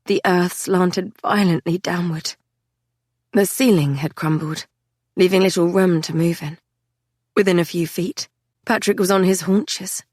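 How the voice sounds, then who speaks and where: A woman reading a dark fantasy novel aloud in the first person, intense and measured. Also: lowish voice, steady tone, dry recording, studio quality. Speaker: audiobook narrator. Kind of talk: dramatic first-person audiobook narration.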